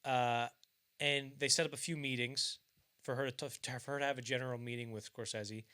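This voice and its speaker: A young man chats on a podcast, spinning anecdotes in a loose, profane, restart-filled way. His pitch jumps up when he acts out other people's lines, and the delivery stays animated. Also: a little fast, clear, resonant tone. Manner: animated storyteller, acts out quoted lines loudly and higher; casual and profane, frequent restarts. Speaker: podcast host. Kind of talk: casual chat, telling anecdotes.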